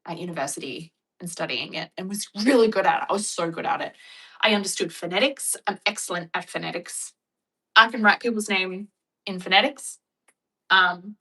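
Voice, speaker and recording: A woman talks casually to her viewers, her voice bright and forward. She tells stories in an animated, chatty way and laughs often. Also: mid-range voice, recorded from a distance, low-quality recording. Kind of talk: casual chat.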